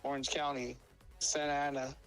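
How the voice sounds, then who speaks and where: A man's voice: mid-range voice, level tone, normal speed, a bit bright, clear, resonant tone, faint music behind, low-quality recording. A man telling rambling stories as a co-host, with heavy swearing and many fillers and restarts. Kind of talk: casual storytelling chat.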